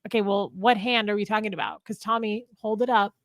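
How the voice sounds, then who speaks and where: A woman's voice: medium pitch, steady tone, fairly quick, dry recording, studio quality. A woman co-hosting a casual livestream chat, playful and laughing, reading out viewer comments. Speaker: co-host.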